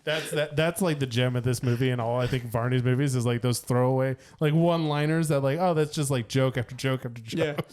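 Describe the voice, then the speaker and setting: A man's voice: mid-range voice, brisk, hardly any pauses, a little mellow. Rambling man in casual movie chat. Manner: rambling, many fillers and restarts. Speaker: podcast co-host.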